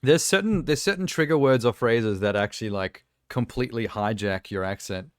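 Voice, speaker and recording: A man's voice: medium pitch, normal speed, smooth, no room sound. Rambling male streamer, dry sound. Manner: rambling, ranting, self-amused. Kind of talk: casual live-stream chat.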